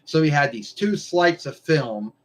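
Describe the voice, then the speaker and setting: A man's voice: on the high side, animated, unhurried, poor audio. Rambling man hosting a live stream. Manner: meandering, loose, swears casually. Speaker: livestream host.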